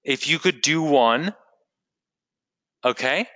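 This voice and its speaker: A man's voice: a little high, takes it slowly, sharp tone, no room sound, lo-fi sound. A man presenting a live sales webinar, enthusiastic and salesy, talking straight to his audience.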